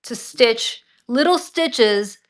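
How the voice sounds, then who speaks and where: A woman's voice: on the high side, expressive, drawn-out words. A woman hosting a casual political chat over a video call, emphatic and exasperated. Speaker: host.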